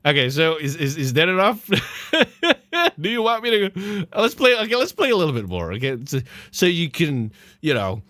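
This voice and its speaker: A man's voice: fairly high pitch, wildly swooping pitch, moderate pace, pushed and bright, no echo. A man hosting a podcast, reacting to clips with mocking laughter and swearing. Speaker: podcast host. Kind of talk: casual commentary on clips.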